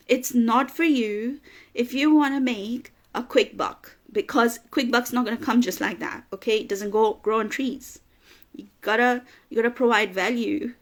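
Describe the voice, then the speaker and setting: A female business coach delivers an emphatic motivational talk, repeating phrases for emphasis. She speaks a little slowly with a fairly high voice. At times she gets emotional and laughs through tears.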